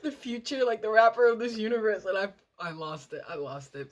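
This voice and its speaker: A young woman chatting casually while doing her makeup, rambling and excitable, swearing and laughing often. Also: mid-range voice, brisk, hardly any pauses, heavy background noise. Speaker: makeup and TV review vlogger.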